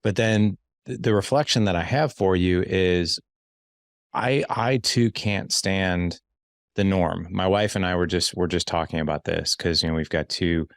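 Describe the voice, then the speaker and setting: A man with a very low voice hosts a podcast conversation. He speaks emphatically and often restarts or repeats words mid-thought. His voice sounds dry and close to the mic. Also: unhurried, gravelly, no room sound. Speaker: podcast host. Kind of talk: casual interview chat.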